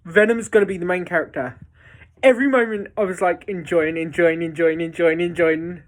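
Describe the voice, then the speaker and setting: A woman's voice: on the low side, steady tone, fairly quick. A woman giving a casual, enthusiastic spoken film review, rambling with lots of fillers and restarts.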